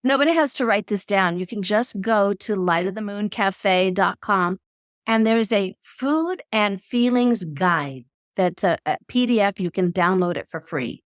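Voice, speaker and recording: A woman speaks as a podcast guest, explaining her ideas in an expressive, storytelling manner. Her voice sits at an ordinary middle pitch for a woman. The sound is dry, with no room echo. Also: unhurried. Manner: expressive storyteller who acts out quotes. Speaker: podcast guest, eating expert. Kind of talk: conversational explanation.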